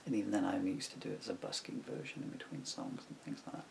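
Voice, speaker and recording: A man's voice: deep voice, little pitch movement, racing, gravelly, background noise. An older man from England, reminiscing on camera at home in a meandering way, full of fillers and asides. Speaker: songwriter talking to camera. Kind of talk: rambling personal reminiscence. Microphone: camera mic.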